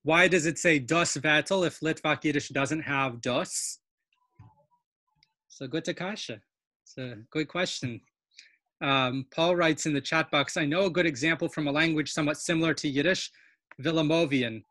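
A woman's voice: low-pitched, normal speed, fairly bright tone, dry recording. Woman, language instructor, eager and nerdy lecture, frequent fillers, dry close sound, video call. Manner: enthusiastic, self-described nerd, explains with many fillers. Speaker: Yiddish dialect instructor. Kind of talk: online webinar lecture.

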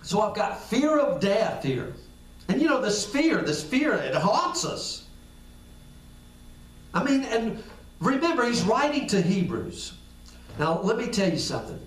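A man's voice: sits high, sing-song, measured pace, long pauses. A man preaching a casual, conversational sermon, acting out little dialogues and repeating phrases for emphasis. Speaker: pastor. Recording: echoey room, far from the mic.

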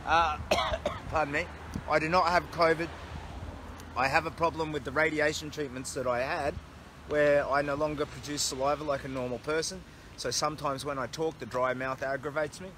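Chatty Australian man with bright tone. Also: fairly high pitch, steady tone, normal speed, slight background noise. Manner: chatty, upbeat, reading viewer comments aloud. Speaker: charity walker livestreaming. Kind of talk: casual livestream chat. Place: outdoors by a road, resting against a tree.

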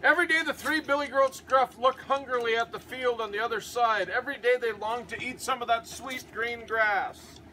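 A man reading a storybook aloud to his goats, pausing to talk to them about the pictures. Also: very high-pitched, a little hiss or hum, rough recording. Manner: animated reader, chats to the goats between pages.

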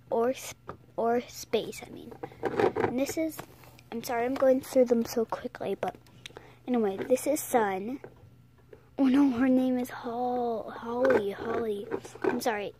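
A woman's voice: on the high side, noisy background. A young girl losing her voice gives a casual vlog tour of her toy horses, rambling, correcting herself, apologizing and often slipping into a whisper. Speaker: toy horse collector showing her setup.

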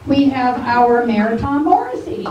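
Woman moderator, chatty, high voice, distant mic, noticeable hiss. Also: sing-song, a little slow, reverberant, highs cut off. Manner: chatty, loose, jokey. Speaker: meeting moderator. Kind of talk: chairing a meeting. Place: meeting room.

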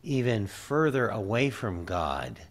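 A man hosting an interview, putting his guest's story in context in a measured, thoughtful way. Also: lowish voice, very animated, gravelly. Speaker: interview host.

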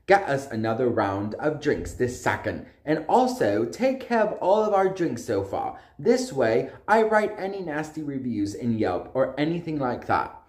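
A rude, entitled celebrity customer, as a man puts him on in a put-on English accent, snapping orders at waitstaff. The voice is pushed up higher and swings widely. It sounds like a roomy, echoey space. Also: very animated, unhurried, few pauses, darkish tone. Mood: demanding. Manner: barking orders at restaurant staff. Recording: roomy echo.

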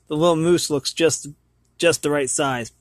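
A man's voice: a little high, fairly even intonation, normal speed, no echo, clean studio sound, close to an everyday voice. A man reading the lines of a hungry male mountain lion from a storybook, stumbling and repeating words now and then. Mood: pleading. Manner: read aloud with stumbles and repeats.

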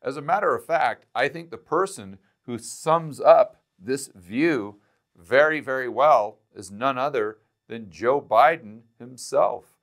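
Male finance video host, mid pitch, sarcastic and punchy, hammering points through repetition. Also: slow pace. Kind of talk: direct-to-camera economic commentary.

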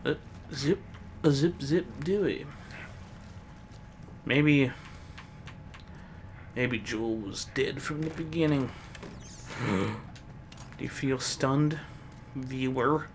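A man commenting on his own gameplay with sarcastic jokes and frequent swearing. He talks slowly, in a voice of ordinary pitch. A clear hiss runs underneath the whole recording. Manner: sarcastic, joking, swears often. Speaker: let's play gamer.

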